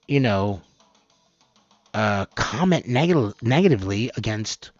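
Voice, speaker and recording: Gravelly, rambling man ranting from home. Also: mid-range voice, very animated, takes it slowly, long pauses, dry recording, dull audio, soft background music. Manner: rambling, swears, laughs often, swings from mumbling to loud outbursts. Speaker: host of an amateur online news show. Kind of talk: rambling casual commentary.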